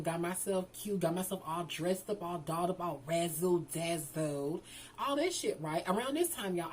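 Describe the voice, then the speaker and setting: A woman's voice: fairly low pitch, darkish tone, a little hiss or hum. Sassy woman telling a storytime. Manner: sassy, profane, keeps calling the viewer "girl". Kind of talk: casual storytime vlog.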